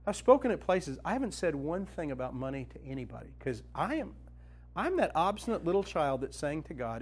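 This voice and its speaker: A man's voice: high voice, sing-song, fairly quick, darkish tone, slightly rough. A male Christian speaker and author telling a personal faith story to a group, acting out the dialogue with self-mocking humor.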